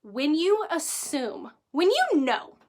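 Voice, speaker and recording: A woman in her thirties with a high, bright voice shares a story straight to camera. She is animated and emotional, acting out what people said, then turns earnest as she gives life advice in a casual vlog style. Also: slow. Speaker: vlogger giving life advice.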